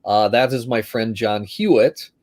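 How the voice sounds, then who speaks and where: A man's voice: lowish voice, unhurried, darkish tone. A man chatting on a video call, reminiscing with frequent laughter. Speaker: guest magician. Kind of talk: casual chat.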